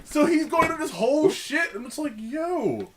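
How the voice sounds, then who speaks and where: A young man co-hosting a podcast, chatting casually with quick, excitable slang. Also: very high-pitched, crowd noise. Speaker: podcast co-host. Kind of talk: casual storytelling chat.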